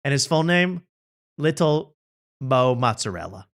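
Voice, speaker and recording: A man's voice: mid-range voice, sing-song, measured pace, a bit bright. A man hosting a casual late-night show, laughing and joking about comedy clips. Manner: laughing, playful, putting on silly voices. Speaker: host.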